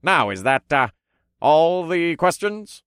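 A man's voice: fairly high pitch, very animated, a bit bright, clear, resonant tone, no echo, studio quality, voice pushed up, heavily acted. A man voicing a showy male tournament announcer who draws out his grand proclamations. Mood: grandiose. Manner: theatrical, drawn-out proclamations. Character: booming showman announcer of a fighting tournament, male. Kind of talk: audiobook character voice.

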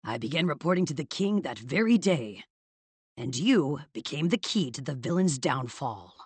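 Female narrator as a scheming, failing father: husky, lively intonation, calm and cold. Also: deep voice, moderate pace, no echo. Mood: calculating. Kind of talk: audiobook character voice.

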